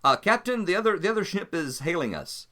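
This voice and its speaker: A nervous ship pilot with a raised, bright voice, hesitant and stammering, as a man puts him on in a tabletop game. He sounds uneasy and unsure. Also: high voice, very animated, a little fast, pitched above the performer's own voice, full character voice. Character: nervous young male pilot.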